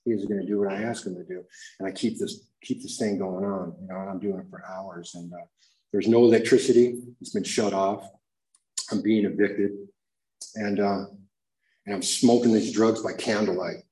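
Guy with a lowish voice telling his recovery story to a crowd, lots of "you know" and "dude", roomy echo. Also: fairly even intonation, moderate pace, warm tone. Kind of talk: personal testimony to a live audience. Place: room with an audience. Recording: echoey room.

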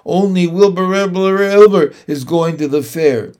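A man reading aloud and voicing a stern mother goose who hushes her goslings firmly. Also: high voice, a little slow, pitched above the performer's own voice. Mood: scolding. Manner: firm, repeating words.

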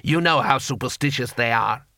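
A man's voice: mid-range voice, normal speed, bright, forceful tone, dry recording, studio quality. A man voicing a nervous male warlord who hesitates and stumbles over his words. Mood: hesitant.

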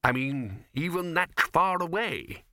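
A man's voice: on the high side, sing-song, takes it slowly, sharp tone, no room sound, studio quality, pitched above the performer's own voice, full character voice. A man voicing a nervous, fussy wizard bursar who talks hesitantly and trails off. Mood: fretting.

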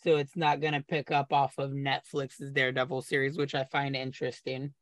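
A man's voice: mid-range voice, little pitch movement, fairly quick, fairly bright tone, no echo. A man co-hosting a podcast, explaining eagerly at length in casual chat and sometimes stumbling over his words. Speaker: podcast co-host.

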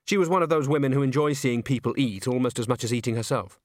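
A man narrating an audiobook in an expressive storytelling manner. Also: medium pitch, fast, hardly any pauses, dry recording, clean studio sound. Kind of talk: scripted narration.

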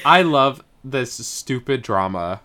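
A co-host on a casual podcast talks in a bright, forward voice. The pitch swings widely. The co-host cuts in with blunt, sarcastic asides. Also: lively intonation, slow pace. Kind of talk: casual recap chat.

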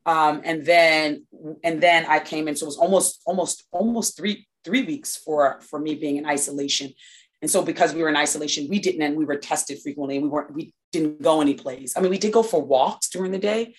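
Reflective woman guest, halting speech. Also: low voice. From New York. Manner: reflective, many restarts and fillers. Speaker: interview guest. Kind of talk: casual interview conversation.

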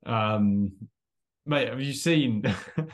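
A man's voice: medium pitch, extremely slow. A young man, co-hosting a casual podcast and telling a story with lots of laughs and acted-out quotes. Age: young adult. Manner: animated storyteller, laughs often, acts out quotes. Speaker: podcast co-host. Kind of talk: casual chat.

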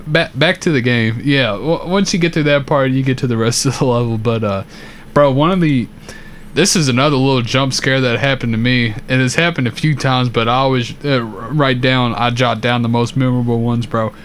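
A man's voice: medium pitch, moderate pace, fairly bright tone, a little hiss or hum. A man co-hosting a podcast in casual chat, telling stories in a laid-back, profane way with frequent laughs. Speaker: podcast co-host.

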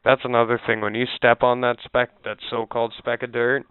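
A man's voice: mid-range voice, level tone, fairly quick, smooth, no room sound. A man co-hosting a casual podcast chat, chiming in with wry, joking asides. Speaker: podcast co-host. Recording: tinny phone-like sound, dry.

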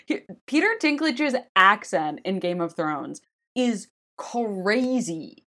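A woman's voice: mid-range voice, big pitch swings, slow pace, bright, forceful tone. A woman co-hosting a podcast, talking bluntly with swearing and many fillers. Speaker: podcast co-host. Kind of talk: casual chat.

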